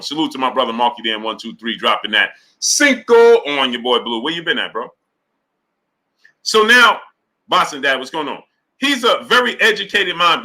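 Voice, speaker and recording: A man hosting a live boxing stream, reading viewer super chats and greeting them by name in an animated, casual way. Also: medium pitch, poor audio. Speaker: boxing talk show host.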